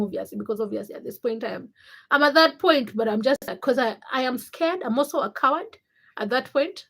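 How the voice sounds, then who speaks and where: A young woman chats on her own livestream. She greets viewers one by one and talks openly between greetings. Her voice sits a little high for a woman's. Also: husky. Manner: reads viewer names and greets them, then tells a personal story. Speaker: livestream host. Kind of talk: casual livestream chat.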